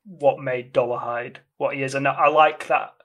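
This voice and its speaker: A man's voice: mid-range voice, steady tone, moderate pace, fairly bright tone. A man in a casual film discussion, explaining the plot in a rambling way and correcting himself as he goes. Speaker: podcast co-host discussing a film.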